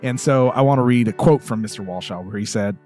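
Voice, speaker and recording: A man's voice: medium pitch, quick pace, a little mellow, soft background music. A man hosting a comedy podcast, chatting in an upbeat, casual way. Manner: upbeat, chatty, lots of fillers. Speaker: host.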